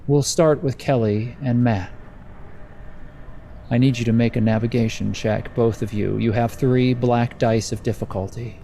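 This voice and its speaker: Mellow-voiced man narrating a horror game. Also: mid-range voice, steady tone, vocal fry, a little hiss or hum. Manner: slow, atmospheric descriptive narration. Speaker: game master.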